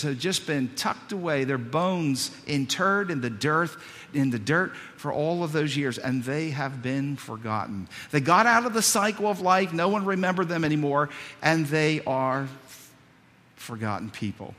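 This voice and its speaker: A male pastor preaching a sermon, telling a story with many repeated words, swinging from loud to hushed. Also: a little high, expressive, measured pace. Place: church sanctuary. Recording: long reverb of a church hall.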